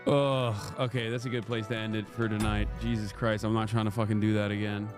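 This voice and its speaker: A man's voice: on the low side, little pitch movement, brisk, music in the background. A man in his thirties streaming a game live, chatting casually in a profane, joking way and slipping into a mock "lad" voice. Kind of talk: casual live-stream chat while gaming.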